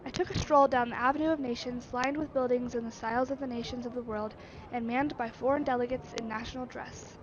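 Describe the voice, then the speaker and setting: A woman streamer reads a text adventure aloud in a high voice, adding musing asides. Her narration is expressive. A faint hiss sits under a slightly dull, lo-fi recording. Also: a little fast. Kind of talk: reading a text game aloud.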